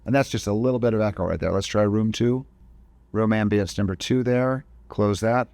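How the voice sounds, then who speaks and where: Male tutorial host, low voice, dry close sound, casual explainer who restarts phrases. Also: moderate pace, gravelly, darkish tone, no echo. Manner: casual step-by-step explaining, frequent self-corrections. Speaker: video editing instructor. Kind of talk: screen-recorded software tutorial.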